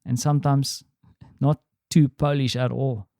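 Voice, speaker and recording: Man, South African accent, middle-aged, mellow dark tone, easygoing rambling, dry close sound. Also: mid-range voice, little pitch movement, a little slow, no echo. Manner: rambling, easygoing, many fillers. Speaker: podcast host. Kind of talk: casual spoken diary.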